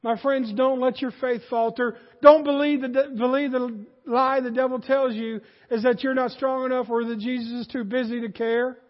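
A male pastor with a very high voice preaches a lively sermon, swinging between shouts and quiet asides at a moderate pace with few pauses. The audio sounds dull and carries a long hall echo.

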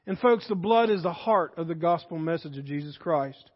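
A male pastor giving an impassioned sermon in a church, swinging between shouted exhortation and hushed intensity, in a dull recording with long reverb. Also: on the high side, expressive, moderate pace. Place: church sanctuary.

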